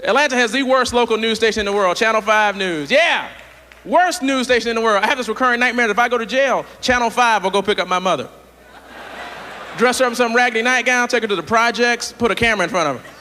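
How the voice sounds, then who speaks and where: A man from the southern United States doing a playful, animated stand-up comedy set on a large theater stage. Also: very high voice, fast, slight background noise. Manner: animated, playful, jumps into character voices. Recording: live theater hall with audience.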